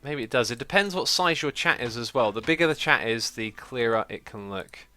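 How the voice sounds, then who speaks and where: Bright-voiced man streaming a game. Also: medium pitch, expressive, fairly quick, no room sound. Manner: chatty, reads out viewer donations and messages. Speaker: livestream host. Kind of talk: casual gameplay livestream chat.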